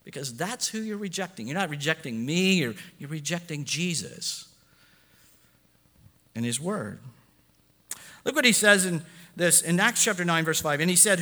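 A man's voice: high voice, expressive, moderate pace, bright, forceful tone. A man preaching a sermon as pastor, building emphasis and acting out quotes in his own voice. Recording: long echo of a large hall.

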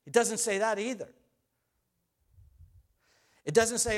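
Man, preacher, high voice, emphatic, repeats key phrases, sermon. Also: takes it slowly, long pauses.

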